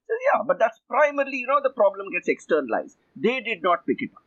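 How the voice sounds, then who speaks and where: An older Indian man who coaches executives, talking with a lively, fairly high voice that rises and falls a great deal. He makes his points emphatically, one by one. The sound is dull and muffled, and the room is very dry. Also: brisk, few pauses, no echo. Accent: Indian English. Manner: emphatic, lists points, acts out quotes. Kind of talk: interview answers.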